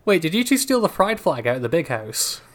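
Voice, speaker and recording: A man's voice: a little high, very animated, a little fast. A man playing a tabletop role-playing game with a dry, sarcastic manner. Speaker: player.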